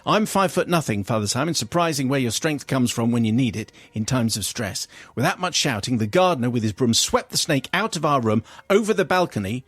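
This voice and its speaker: A man's voice: animated, a little fast, few pauses, fairly bright tone, dry recording. A man, a radio host, reading a listener's funny letter aloud with comic flair. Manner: comic storytelling, swings into high squeals for the letter writer's cries. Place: radio studio.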